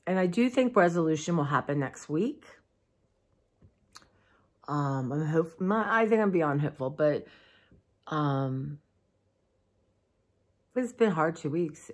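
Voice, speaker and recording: Tired woman talking to followers. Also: low-pitched. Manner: tired, heartfelt, rambling with many fillers. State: tired, allergies, clearing throat. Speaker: vlogger. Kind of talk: casual personal vlog. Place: dim room at home.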